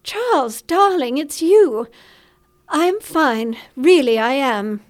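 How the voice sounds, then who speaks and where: A woman's voice: high-pitched, animated, takes it slowly. A woman narrator voicing a distraught, genteel older mother who cannot cope with her son's silence. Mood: anxious.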